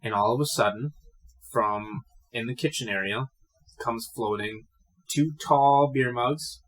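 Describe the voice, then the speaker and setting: A man's voice: mid-range voice, background noise. A young man narrating a tabletop game as game master, casual and profane. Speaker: dungeon master.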